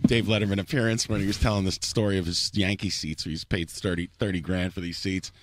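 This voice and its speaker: A man's voice: deep voice, fairly even intonation, fast, noisy background. A man hosting a casual talk show, rambling and laughing often. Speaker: podcast host. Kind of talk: casual chat.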